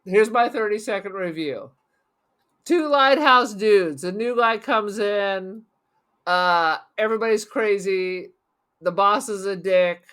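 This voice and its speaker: A man co-hosts a podcast and chats casually about a movie in a blunt, crude, jokey way. His voice sits high and is clear and resonant, with a pushed, bright tone, and he speaks at a slow pace.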